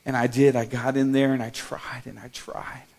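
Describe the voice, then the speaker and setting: A middle-aged man, a pastor, telling a personal testimony in a sermon, emotional and halting with many restarts. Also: mid-range voice, flat delivery, vocal fry, darkish tone.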